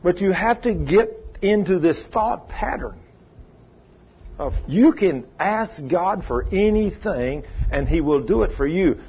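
A man's voice: high voice, expressive, unhurried, husky, dull audio. A man preaching a sermon in a folksy, emphatic way, asking his congregation questions. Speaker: pastor.

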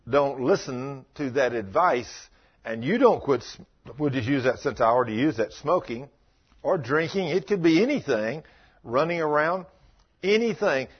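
A man's voice: medium pitch, breathy edge, muffled recording. A man preaching a sermon as pastor, telling folksy stories and building to emphatic scolding.

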